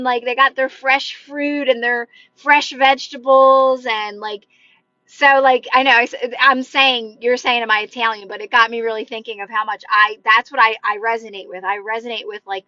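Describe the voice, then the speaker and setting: A woman's voice: sits high, bright, forceful tone, dry recording, highs cut off. A woman hosting a livestream as a manifestation coach, chatting casually and encouragingly with viewers, with lots of "like" fillers. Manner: chatty and encouraging, many "like" fillers, talks with her hands. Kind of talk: casual livestream chat answering viewer comments. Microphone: phone livestream mic.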